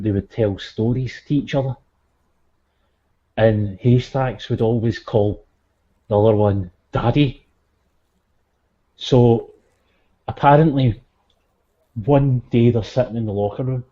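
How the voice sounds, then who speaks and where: Podcast co-host, casual sweary storyteller; dull audio. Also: male voice, medium pitch, dark tone. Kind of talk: casual chat.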